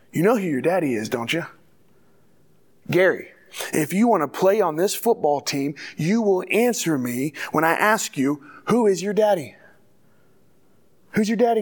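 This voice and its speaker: A man's voice: on the high side, animated, moderate pace, pauses often. A man putting on the voice of a stern, demanding male football coach who asks firm, repeated questions. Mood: commanding.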